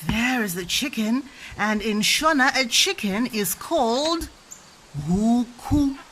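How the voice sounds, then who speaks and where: Mom doing a toy lesson with her little kid, swoopy high voice, playful animal noises. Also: lively intonation, measured pace, bright, forceful tone, low-quality recording. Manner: sing-song, coaxing questions to a small child; playfully acts out animal sounds and toy play. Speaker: parent teaching a toddler. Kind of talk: playful home lesson with toys.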